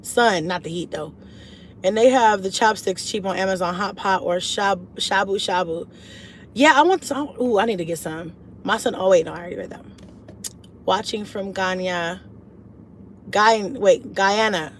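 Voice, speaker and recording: A woman hosting her own channel as a mom vlogger, chatting casually through a livestream and reading viewer comments in slangy, relaxed talk, often jumping high in pitch. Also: moderate pace, a little hiss or hum.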